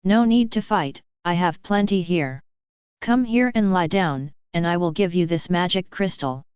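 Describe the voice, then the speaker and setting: A cocky young male wizard giving orders to a monster dog with easy confidence, as a woman reads his lines. The voice is low and very clear, recorded dry with a slightly dull top end. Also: unhurried, darkish tone, dry recording, natural voice. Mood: commanding. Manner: commanding, coaxing.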